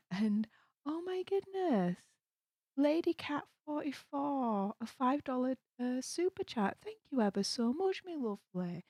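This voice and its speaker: A British woman hosting a live stream at night, talking low and quietly but bubbly and gushing. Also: no room sound, clean studio sound. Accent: British English. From United Kingdom. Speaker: livestream host. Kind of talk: casual live-stream chat, hushed. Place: home room at night.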